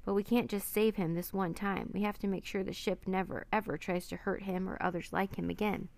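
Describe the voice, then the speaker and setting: A woman's voice: mid-range voice, steady tone, fairly quick, gravelly, a little mellow, no room sound, natural voice. A woman doing an earnest young boy. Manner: earnest and determined.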